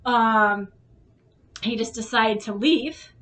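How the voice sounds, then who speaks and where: Woman vlog host with a higher voice; candid, emotional storyteller who curses when worked up. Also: slow, crowd noise. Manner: emotional, frank, swears when upset. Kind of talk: candid storytelling to her son.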